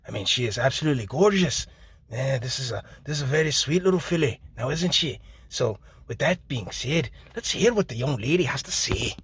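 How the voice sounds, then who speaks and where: A man putting on a leering, boastful Irish-Scots character who talks loud and stammers now and then. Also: mid-range voice, sing-song, moderate pace, few pauses, breathy edge, no room sound, exaggerated voice.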